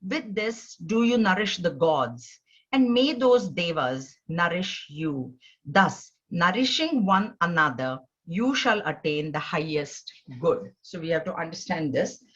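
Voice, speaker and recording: A woman teaching a scripture class, earnest, often restarting her sentences and rising in pitch to stress her points. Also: animated, measured pace, fairly bright tone, dull audio. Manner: earnest, repetitive, with many restarts. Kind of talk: spiritual lesson on scripture.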